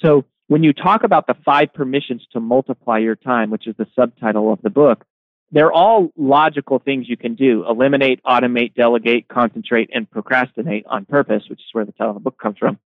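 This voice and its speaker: Man, author guest, phone-like audio, mid pitch, lively storyteller. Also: fairly quick, no room sound. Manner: energetic storyteller, repeats words at starts. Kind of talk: interview answers. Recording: phone-like remote line.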